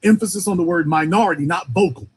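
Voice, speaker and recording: A man's voice: high voice, fast, slightly rough. A man hosting a political call-in show, talking in a fiery, emphatic way and hammering his points home with repetition.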